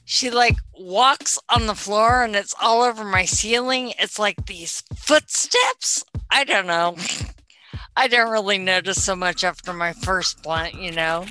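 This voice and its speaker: A woman playing a ditzy young stoner who sells edibles, with spacey valley-girl chatter that breaks into shrill outbursts. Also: unhurried, sharp tone, faint music behind. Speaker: comedy sketch character. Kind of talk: comedic character monologue.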